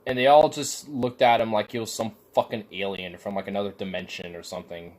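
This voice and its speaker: A man's voice: on the low side, steady tone, brisk, a little mellow. A man in a casual rant, rambling and cursing, packing his talk with "like". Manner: profane, rambling, heavy use of filler "like".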